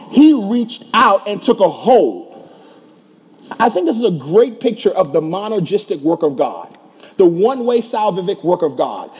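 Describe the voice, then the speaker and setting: A man with a high voice delivers a sermon, pressing his points with rhetorical questions and repetition. His tone is dark and slightly husky. The recording sounds dull and muffled. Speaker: pastor.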